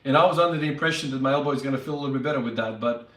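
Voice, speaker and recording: A man's voice: medium pitch, very fast, a bit bright. A man chatting casually on a livestream, upbeat and greeting viewers by name. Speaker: fitness vlogger. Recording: echoey room, mic at a distance.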